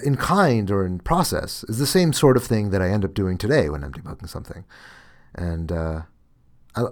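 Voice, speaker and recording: A man's voice: sits low, darkish tone. A man hosting a podcast, reading a debugging story aloud and then musing with fillers and restarts. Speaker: podcast host.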